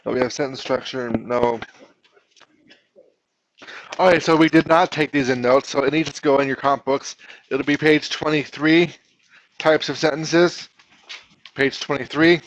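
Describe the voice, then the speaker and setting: A man's voice: medium pitch, fairly even intonation, a little slow, pauses often, muffled recording, slight background noise. A man teaching a class, patiently explaining and often restarting his phrases. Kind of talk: classroom instruction.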